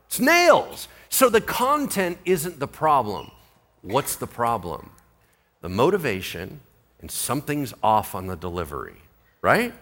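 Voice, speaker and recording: A male pastor teaching a Bible sermon, animated and full of rhetorical questions. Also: mid-range voice, unhurried.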